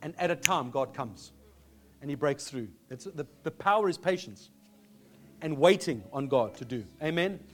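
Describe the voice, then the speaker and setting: A man from South Africa preaching a sermon as pastor, earnest and conversational, slowing down to read scripture aloud. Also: on the high side, animated, faint music behind. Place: church.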